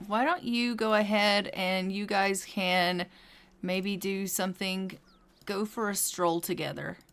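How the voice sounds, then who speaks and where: A woman's voice: mid-range voice, a bit bright, clean tone. A woman giving casual commentary over a life-simulation game, chatty, with frequent ums, often talking to her characters and voicing their lines. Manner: frequent ums and drawn-out phrasing. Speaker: gameplay commentator.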